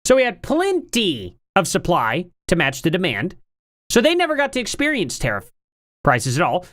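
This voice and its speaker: A woman's voice: lowish voice, wildly swooping pitch, moderate pace, a bit bright, dry recording, studio quality. A woman streamer giving casual, sarcastic commentary on a clip, full of rhetorical questions. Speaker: streamer reacting to a debate clip.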